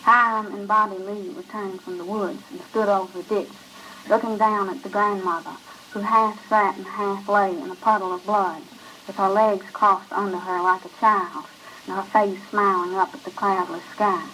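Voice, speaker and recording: A woman's voice: medium pitch, fairly even intonation, moderate pace, pushed and bright, slight background noise, poor audio. Woman reading a short story. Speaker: reader. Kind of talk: scripted narration of a short story.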